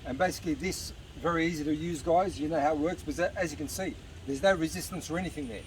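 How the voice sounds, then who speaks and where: A fast-talking man with a slightly high voice coaches viewers through a casual workout demonstration at a beach park. He's a little winded as he exercises and offers encouragement. A distant outdoor mic captures him along with traffic noise.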